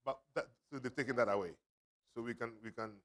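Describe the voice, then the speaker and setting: A man's voice: medium pitch, fairly even intonation, fast. A man works the room as an auctioneer at a book launch, joking and teasing people who come forward to buy. His talk is full of playful asides and bursts of laughter. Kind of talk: lively fundraising banter. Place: event hall.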